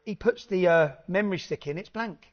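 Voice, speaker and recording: A man telling an animated anecdote in casual chat, swearing freely and laughing between lines. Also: high voice, a little fast. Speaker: podcast guest. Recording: dull lo-fi recording.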